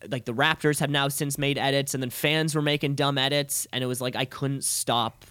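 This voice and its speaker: A man's voice: mid-range voice, steady tone, brisk, sharp tone, smooth, no room sound. A man co-hosting a podcast, telling stories in a casual chat, stammering and restarting and laughing often as he gets worked up. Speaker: podcast co-host.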